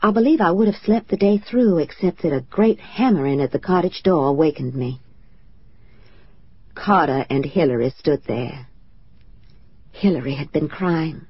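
Low, husky woman reading an audiobook. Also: moderate pace, long pauses, dry recording, dull audio. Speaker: audiobook narrator. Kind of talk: first-person audiobook narration.

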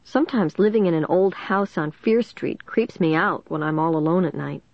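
A woman with a fairly low voice reading a first-person children's story aloud, lively and expressive. The track is dry and close, with a slightly dull, lo-fi tone. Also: normal speed, vocal fry, dry recording. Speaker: audiobook narrator.

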